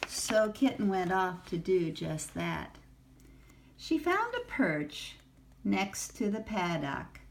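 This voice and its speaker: An older woman reading a picture book aloud to a child, gentle and asking the listener questions. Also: lowish voice, vocal fry. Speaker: storyteller.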